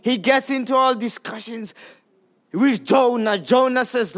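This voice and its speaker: A man preaching a sermon in a conversational way, repeating words as he goes, swinging between emphatic highs and hushed, low lines. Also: a little slow. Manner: repeats words while gathering thoughts.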